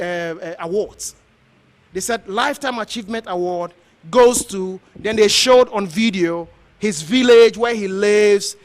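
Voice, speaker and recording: A man from Ghana, a pastor, giving an earnest, exhorting speech to a gathering, repeating himself as he goes. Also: high voice. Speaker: pastor hosting an honoring event.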